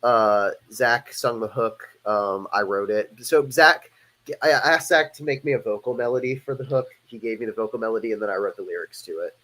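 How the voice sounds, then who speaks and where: A man's voice: lowish voice, steady tone, fairly quick, pushed and bright. Loose, profane male streamer. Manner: loose, rambling and profane, with frequent restarts. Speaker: host and musician. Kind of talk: casual chat on a livestream.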